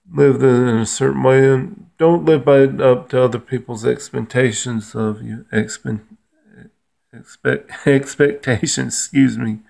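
A middle-aged man with a low, gravelly, mellow voice speaks slowly to the camera. He rambles earnestly, stumbling over words and starting his sentences again. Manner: halting, repeats words and restarts often. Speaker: vlogger. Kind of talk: rambling personal monologue.

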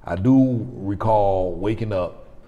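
A man's voice: on the low side, slow pace, mellow, lo-fi sound. A man in his forties hosting his own vlog, telling a personal story in a rambling, conversational way with frequent restarts. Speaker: vlogger host. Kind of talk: casual storytelling to camera. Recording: long reverb.

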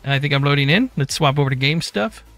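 A man hosting a game live stream, greeting chat by name in a relaxed, easygoing way. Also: fairly high pitch, fast talker, no room sound, soft background music. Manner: reads chat names in a relaxed drawl.

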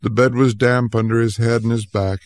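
A man narrating a story aloud as an audiobook for English learners, reading clearly and deliberately. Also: medium pitch, flat delivery, no room sound.

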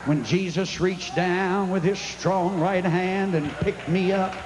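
A man's voice: high-pitched, fairly even intonation, takes it slowly, music in the background, pitched below the performer's own voice. A man voicing a plain-spoken old farmer deacon with folksy rural speech, recorded live at a tent revival. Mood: awed. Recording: tent revival with long echo and crowd.

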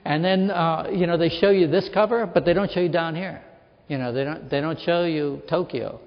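A man's voice: a little high, fairly even intonation, moderate pace. Man telling funny stories in a hall. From Western Pennsylvania. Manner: anecdotal, acts out quoted people in his stories. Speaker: author giving a lecture. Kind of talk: humorous storytelling lecture. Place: lecture hall. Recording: reverberant hall, dull lo-fi sound.

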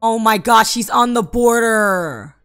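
A woman talks through a life-sim game in casual Let's Play commentary. Her voice is bright and forceful, and her speech is slow and drawn out. She gets exasperated and bursts into loud outbursts. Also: on the high side, clear, resonant tone, soft background music. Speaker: gaming YouTuber.

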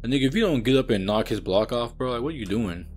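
A young man commentating a horror game he is playing, loud and exasperated, with lots of slang and cursing. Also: medium pitch, animated, fast, a little hiss or hum. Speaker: gaming streamer. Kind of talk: let's play commentary.

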